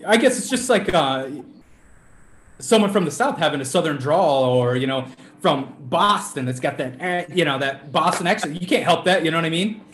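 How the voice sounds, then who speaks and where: A man's voice: fairly high pitch, lively intonation, moderate pace, fairly bright tone. Minnesota-accented man in an echoey room. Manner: friendly, laid-back, laughs often. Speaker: band member guest. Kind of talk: casual interview chat. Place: at home.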